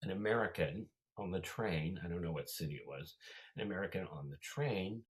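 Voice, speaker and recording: A man's voice: low-pitched, brisk, poor audio. A man chatting casually, telling rambling anecdotes with lots of fillers. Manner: rambling anecdotal storytelling, animated. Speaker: podcast host. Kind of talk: casual chat.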